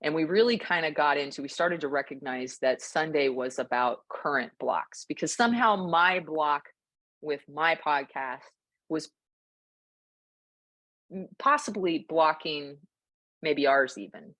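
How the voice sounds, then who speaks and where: A woman co-hosting a podcast, telling a story in a relaxed, reflective way with frequent fillers. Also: deep voice, a little slow, dry recording. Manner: thoughtful storytelling, many fillers. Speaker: podcast co-host. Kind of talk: casual reflective chat.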